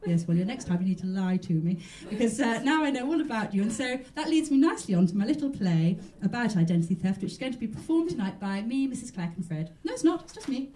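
A woman's voice: a little high, very animated, fast talker, hardly any pauses, warm tone, recorded from a distance, slight background noise. Prim, rambling woman comic. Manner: prim, genteel, rambling and chatty. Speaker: comedian hosting a mock chat show. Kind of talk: stand-up character comedy.

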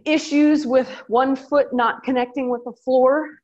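A middle-aged woman with a Southern US accent leads a workout class as a fitness instructor, bubbly and playful, tossing in little sound effects and laughs. Her voice is high and steady in tone, a bit slow and a little mellow. The recording sounds lo-fi.

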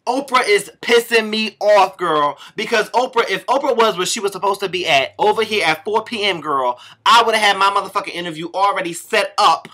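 A man's voice: high voice, fairly quick, hardly any pauses, sharp tone. A man doing a sassy, profane comedic gossip rant, tagging nearly every line with "girl". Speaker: vlogger doing a comic rant. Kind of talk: camp comedic gossip monologue.

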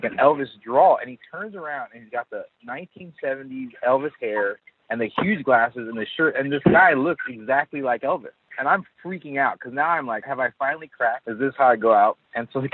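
A man, an artist, telling stories as an interview guest in an animated way with frequent laughs. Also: medium pitch, slightly rough, dry recording. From Southern California. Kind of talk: casual interview chat. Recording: tinny phone-line audio.

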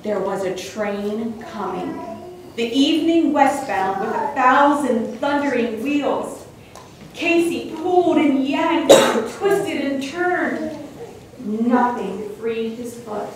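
A woman reading a suspenseful children's story aloud in a church, with expressive storytelling. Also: sits high, slow pace, a little hiss or hum. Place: church sanctuary. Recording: very echoey hall, distant mic.

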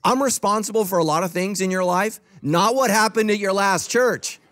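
A man's voice: high-pitched, normal speed, a bit bright. A middle-aged man preaching a sermon as pastor, conversational and joking, acting out quoted voices. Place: church auditorium.

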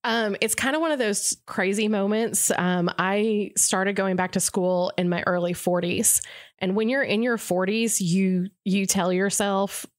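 Brief: woman, 40s, radio co-host as interview guest, earnest reflective storyteller, mid pitch. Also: measured pace. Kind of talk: candid personal interview.

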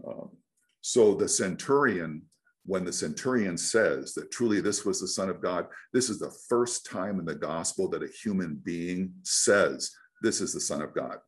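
A priest giving a sermon in a reflective way, with frequent "um"s and restarts. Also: male voice, deep voice, measured pace. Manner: reflective, many fillers and restarts.

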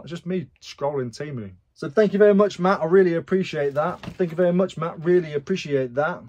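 Chatty British man, fairly high voice. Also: a little mellow. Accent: British English. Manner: chatty, swears, reads buyer messages aloud. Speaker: reseller vlogger. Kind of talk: casual chat.

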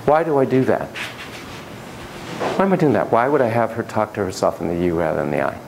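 A man teaching a class on child psychotherapy in a classroom, talking in an animated way that swings between soft, low asides and emphatic bursts, often repeating his phrases. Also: fast, gravelly, a little hiss or hum, rough recording. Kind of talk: classroom lecture with a volunteer demonstration.

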